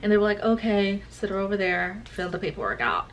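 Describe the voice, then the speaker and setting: A woman's voice: mid-range voice, brisk, a little hiss or hum, low-quality recording. A young woman, telling a personal story in a casual vlog chat and acting out the voices of the people in it. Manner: animated, acts out quoted voices. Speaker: vlogger.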